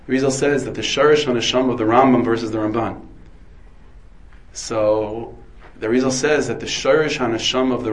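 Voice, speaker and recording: Speaking at a medium pitch, this American rabbi gives a Torah lecture thick with Hebrew and Yiddish vocabulary. He raises his own questions and then answers them, all captured on a rough recording.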